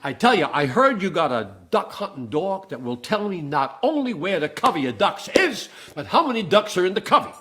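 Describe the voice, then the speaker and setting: A man's voice: sits high, very animated, a little fast, hardly any pauses, heavily acted. A man playing a brash rich businessman. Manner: loud, brash and insistent. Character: pushy rich male businessman, boastful.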